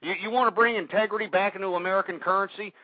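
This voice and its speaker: A man's voice: high-pitched, fairly even intonation, very fast, no echo. A man with a Texan accent hosting a political talk radio show, ranting heatedly, swearing and repeating himself. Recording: dull lo-fi radio recording.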